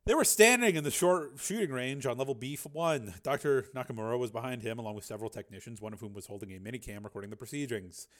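Guy reading an audiobook, plain even voice, medium pitch. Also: fast talker, hardly any pauses. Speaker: audiobook narrator.

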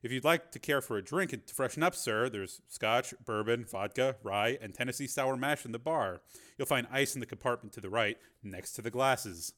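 A man's voice: medium pitch, normal speed, fairly bright tone, natural voice. A man voicing a courteous male Marine sergeant who speaks formally and deferentially in an audiobook. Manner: formal, deferential, says sir often.

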